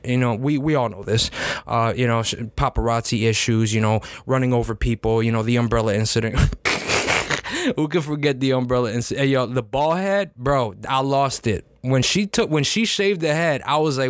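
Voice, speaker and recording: A man's voice: mid-range voice, no echo, clean studio sound. A man hosting a casual solo podcast. He talks in a loose, slangy, rambling way, calling the listener "man" and laughing often. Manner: slangy, rambling, peppers lines with "man" and "you know what I'm saying"; frequent restarts and laughs. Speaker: podcast host.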